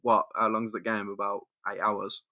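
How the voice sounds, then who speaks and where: A man's voice: on the low side, little pitch movement, normal speed, pushed and bright. A young man co-hosting a podcast, laughing and riffing on jokes with sweary asides. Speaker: podcast co-host. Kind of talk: casual comic book read-through chat.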